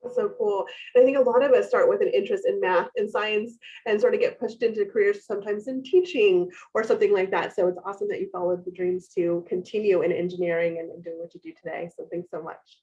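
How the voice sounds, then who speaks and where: A woman at a mid pitch hosts a panel and keeps it moving. She responds to each speaker in an upbeat, affirming way. The audio comes through a little dull and muffled. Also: fairly even intonation, fast, hardly any pauses, warm tone. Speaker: panel moderator. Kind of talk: moderating a panel discussion.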